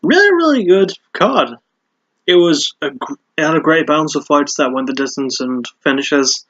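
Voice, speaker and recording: A man's voice: fairly high pitch, animated, normal speed, fairly bright tone, muffled recording. A man hosting a casual solo fight review, chatty and prone to repeating words and restarting sentences.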